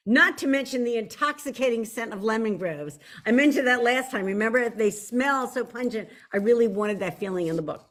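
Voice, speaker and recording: A woman with a Philadelphia accent chats straight to her viewers as the host of her own show. Her voice sits somewhat high, and she gushes, doubling her words and breaking off sentences to start them again. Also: normal speed, a bit bright. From Philadelphia area. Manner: effusive, chatty, with frequent restarts and repeated intensifiers. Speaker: author hosting her own video show. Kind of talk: casual chat to viewers.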